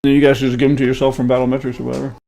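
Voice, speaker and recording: Flat-voiced, gravelly man talking fast. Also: mid-range voice. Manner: matter-of-fact, explains things plainly, swears casually. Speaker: plugin developer for a game server. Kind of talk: casual chat.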